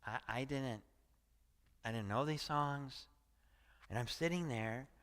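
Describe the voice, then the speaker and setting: A man's voice: mid-range voice, slow, fairly bright tone, clear, resonant tone. A man in his sixties, a pastor giving a chatty, storytelling sermon and often asking his audience "right?". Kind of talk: conversational sermon. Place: church hall. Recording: reverberant church hall.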